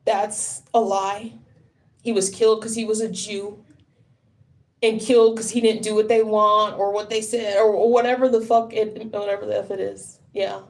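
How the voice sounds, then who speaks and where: A woman's voice: mid-range voice, little pitch movement, normal speed. A tired woman talking on a casual livestream, rambling, swearing and sounding frustrated.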